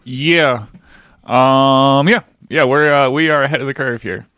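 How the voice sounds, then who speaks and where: A man around forty co-hosting a podcast in casual chat. He speaks in a relaxed, easygoing way and hesitates now and then. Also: medium pitch, unhurried, clear, resonant tone. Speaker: podcast co-host.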